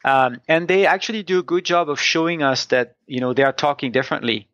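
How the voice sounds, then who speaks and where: A man's voice: a little high, fairly quick, fairly bright tone, no echo. A man from France, a native French speaker, co-hosting a casual comics review podcast and explaining points thoughtfully, with many restarts. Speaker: podcast co-host. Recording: dull, dry sound.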